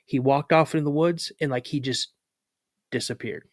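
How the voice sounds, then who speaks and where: A man's voice: medium pitch, normal speed, dry recording. Man telling a story, dry close sound. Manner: lively retelling with filler words and restarts. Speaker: podcast guest. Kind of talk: casual spoken storytelling.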